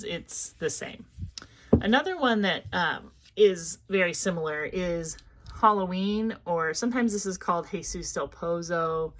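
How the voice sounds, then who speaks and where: A woman's voice: lowish voice, fairly bright tone, a little hiss or hum. A woman with a Midwestern American accent giving a casual, chatty perfume review, thinking aloud with plenty of fillers. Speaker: fragrance reviewer.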